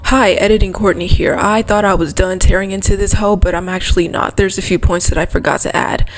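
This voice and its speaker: A young adult woman giving a fast, exasperated ranting commentary for a video essay. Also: mid-range voice, fairly even intonation, faint music behind.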